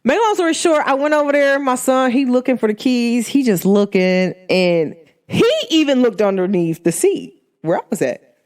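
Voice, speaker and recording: Casting note: a woman host with a slightly high voice and very lively pitch, emphatic storyteller. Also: normal speed. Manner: animated, emphatic, punctuates with "boom". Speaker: podcast host. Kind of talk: storytelling monologue.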